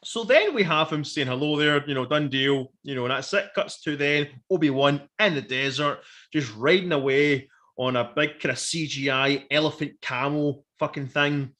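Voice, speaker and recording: A man, co-hosting a casual review chat, animated and sweary, acting out quotes. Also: fairly high pitch, moderate pace. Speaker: podcast co-host.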